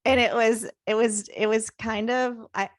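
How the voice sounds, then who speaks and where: A woman's voice: fairly high pitch, steady tone, no echo, clean studio sound. A woman co-hosting a podcast, chatty and upbeat in casual conversation. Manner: chatty and upbeat, with quick restarts. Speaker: podcast co-host. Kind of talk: casual chat.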